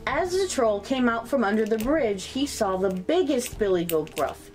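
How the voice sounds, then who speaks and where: A woman reading a children's story aloud in an expressive, sing-song storyteller's way, greeting her young listeners. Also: on the high side, normal speed, soft background music.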